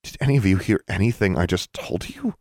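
A man's voice: low-pitched, wildly swooping pitch, fairly quick, a little mellow, no room sound, studio quality. A man voicing a stubborn, determined young witch girl who speaks firmly.

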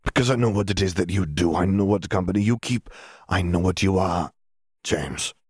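A man voicing an elderly father who speaks in an even, measured and clipped way, growing weary. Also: sits low, husky, no room sound, clean studio sound. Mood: stern.

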